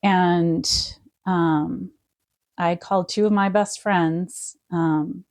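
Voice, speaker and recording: A middle-aged woman, a podcast guest, quietly telling an emotional personal story with many pauses and fillers. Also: fairly low pitch, fairly even intonation, dry recording, clean studio sound.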